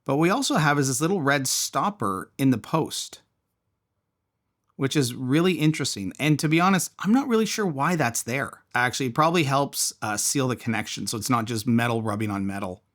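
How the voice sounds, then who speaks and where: A man's voice: medium pitch, animated, fairly quick, fairly bright tone. A man casually reviewing and taking apart a small fidget toy, thinking aloud as he tinkers. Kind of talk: casual product teardown.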